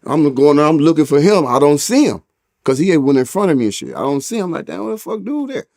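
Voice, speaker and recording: Slightly high and expressive, his voice moves a little fast with a darkish tone, and his accent marks him as a man from St. Louis, USA. He's an interview guest spinning a story full of street slang and cursing, getting louder as he quotes other people.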